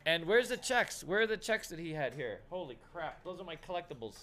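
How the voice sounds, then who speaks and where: Excitable rambling man hosting a stream. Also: on the high side, a little fast. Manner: excitable, rambling, fond of "dude". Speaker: host. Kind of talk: casual livestream chat.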